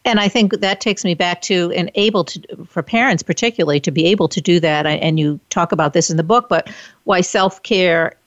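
A woman's voice: fairly low pitch, brisk, no echo. Woman interviewer, conversational, dry close sound with a muffled top end. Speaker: interview host. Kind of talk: casual interview talk.

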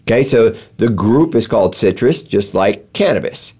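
Low-voiced man explaining with halting fillers. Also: expressive, darkish tone, slightly rough. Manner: halting, many fillers and restarts. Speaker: show host. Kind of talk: explanatory chat.

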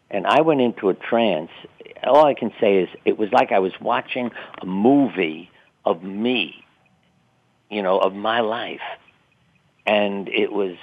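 Older man telling stories over a tinny line. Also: fairly low pitch. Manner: reflective, chatty, wry laughs at himself. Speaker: guest. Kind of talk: interview storytelling. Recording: tinny phone-line sound.

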